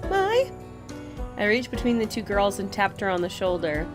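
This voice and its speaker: A woman's voice: medium pitch, brisk, music in the background. A woman playing a visual novel, reading its text aloud and breaking off to comment with giggles.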